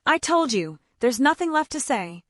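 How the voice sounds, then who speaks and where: A woman voicing a dignified, wronged young wife who speaks calmly and quietly. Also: high voice, normal speed, no room sound, clean studio sound, pitched above the performer's own voice. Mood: weary. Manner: calm and quiet.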